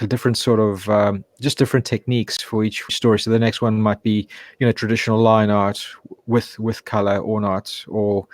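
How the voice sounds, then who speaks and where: A comic creator talks in a flat, monotone voice and keeps stopping to find his words. The sound is dry and close, with no room echo around the man. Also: fairly low pitch. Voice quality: self-described monotone voice. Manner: halting, searching for words. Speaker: comic book creator guest. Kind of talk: casual chat.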